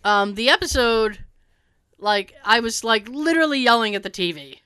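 A woman's voice: a little high, moderate pace, clear, resonant tone, no echo. A middle-aged woman co-hosting a casual chat, telling stories with lots of laughs and the odd swear word. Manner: animated storyteller who laughs often and swears. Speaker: podcast co-host.

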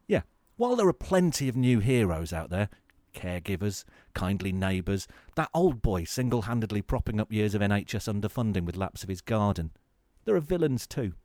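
A man hosting a spoof hospital radio show, delivering a sarcastic comic monologue with deadpan mock-grand phrasing. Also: lowish voice, a little fast, few pauses, no room sound, studio quality. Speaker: host of a comedy radio show.

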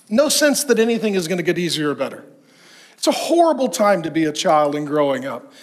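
A middle-aged male preacher with a notably high voice delivers an emphatic sermon. He stacks rhetorical questions and long lists, pressing each point home. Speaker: pastor. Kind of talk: sermon to men.

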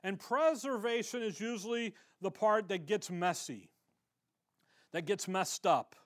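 High-voiced guy preaching, chatty sermon, does little voices for people he quotes. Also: unhurried. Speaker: pastor.

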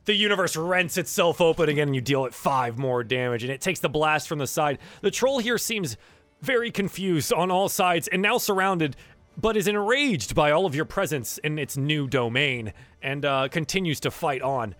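Male game master, casual rambling narration, a bit high-pitched, dry room. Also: expressive, normal speed, a bit bright, no room sound, soft background music.

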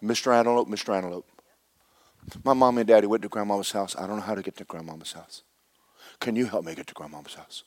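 A man's voice: fairly low pitch, fast talker, no echo, natural voice. A man doing a lost pleading little creature. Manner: pleading, repeating himself.

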